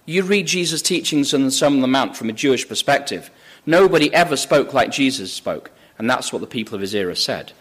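In a church or lecture hall, a man delivers a sermon, emphatically reading scripture off projected slides and lifting his voice on the quotes. His mid-range voice is animated, a touch bright, and a little fast.

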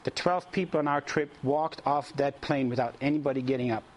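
A man preaching and telling a lively story to a congregation, animated and often chuckling as he addresses the audience directly. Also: medium pitch, fairly quick. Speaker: preacher leading mission trips. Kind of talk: storytelling sermon.

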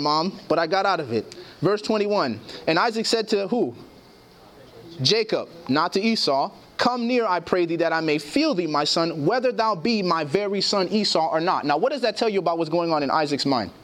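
A man with a high, slightly bright voice delivers a sermon. He reads scripture aloud and puts questions to his listeners.

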